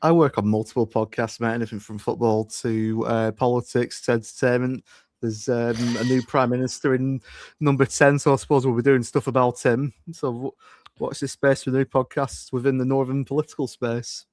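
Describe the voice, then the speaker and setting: A man's voice: mid-range voice, little pitch movement, normal speed, a little mellow, no echo. Offhand British man with a dry sound. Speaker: podcast producer. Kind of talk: casual chat.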